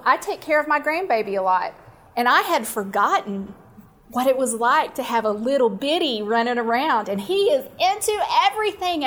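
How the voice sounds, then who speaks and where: Woman speaker, middle-aged, high-pitched, animated storytelling, Christian teaching at a conference breakout. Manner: warm, animated storytelling, laughing at herself.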